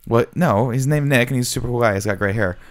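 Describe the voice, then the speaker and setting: A man's voice: medium pitch, fast talker. A man co-hosting a podcast, talking wryly in casual chat. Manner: wry, mock-dramatic. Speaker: podcast co-host.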